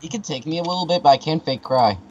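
A man's voice: fairly high pitch, fast, lo-fi sound, a crowd in the background. A man joking and teasing his friends in casual chat while they play a game. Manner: playful, teasing.

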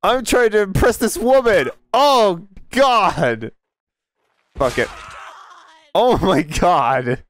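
A man commentating a gameplay video, panicking and swearing, his voice jumping into high squeals. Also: lively intonation, slow pace, fairly bright tone, clean tone. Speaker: gaming video creator. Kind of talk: let's play commentary.

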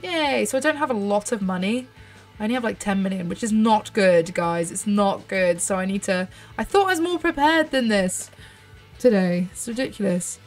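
A woman's voice: mid-range voice, lively intonation, moderate pace, soft background music. A 30-year-old British woman chatting through gameplay as a host, bubbly and thinking aloud, with little gasps and squeals. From United Kingdom. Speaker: gaming channel host. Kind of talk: casual gameplay commentary.

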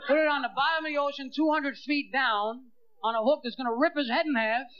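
A man tears through a stand-up routine with a strikingly high voice, acting out the people in his stories. The recording is dull and lo-fi, with a clear hiss under the voice. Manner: fast, animated, acting out voices of people and the movie. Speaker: stand-up comedian.

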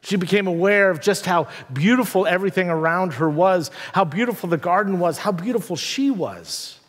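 A male pastor preaches in a church, retelling the story with dramatic pauses and the odd wry aside. His voice sits a little high for a man. A long reverb hangs on each line. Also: expressive. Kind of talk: sermon. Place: church sanctuary.

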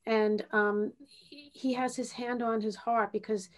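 Gentle woman host giving a reading. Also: on the high side, fairly even intonation, a little slow. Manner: gentle, reassuring, checks in with "okay?". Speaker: host, spiritual medium. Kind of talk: podcast interview, giving a reading.

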